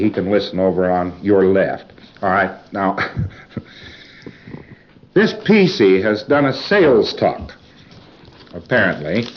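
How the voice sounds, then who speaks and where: A man's voice: lowish voice, muffled recording. A man giving an informal lecture to a class, rambling in a folksy way with asides and chuckles. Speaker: lecturer reviewing students' work.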